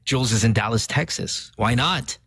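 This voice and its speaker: A man hosting a morning radio show, loose and joking as he reads listener shout-outs and banters with co-hosts. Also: mid-range voice, normal speed, slight background noise. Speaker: radio host. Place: radio studio.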